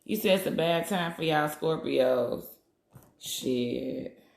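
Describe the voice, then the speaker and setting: A woman's voice: sits low, slow pace, vocal fry. A woman hosting a casual livestream while she makes healing waist beads. She talks in a blunt, profane, chatty way and reads out comments from viewers. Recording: roomy echo.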